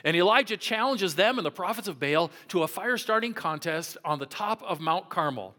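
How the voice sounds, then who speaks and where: A man pastor preaching a sermon, telling a Bible story with dramatic swings from loud taunting lines to hushed, near-whispered ones. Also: sits high, lively intonation, a little fast.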